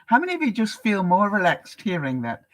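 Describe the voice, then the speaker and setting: A woman's voice: medium pitch, wildly swooping pitch, brisk, low-quality recording. An older woman from Canada, hosting a live vlog broadcast and chatting casually with viewers, laughing often. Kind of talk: casual advice chat to viewers.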